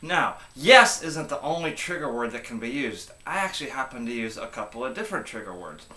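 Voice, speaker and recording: Emphatic bright-voiced male coach. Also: medium pitch, expressive, brisk, reverberant. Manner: emphatic, repeats key phrases. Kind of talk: motivational tip video.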